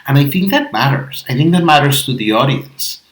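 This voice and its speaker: An improv podcast co-host who learned English later in life speaks briskly in a mid-range, expressive voice with a fairly bright tone. He reasons aloud earnestly with a few restarts during a casual discussion recorded in an echoey room.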